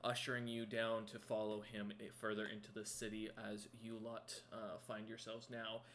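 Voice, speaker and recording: A man's voice: on the low side, completely flat delivery, normal speed, fairly bright tone, a little hiss or hum. A man narrating as game master of a tabletop role-playing game, rambling with many ums and self-corrections.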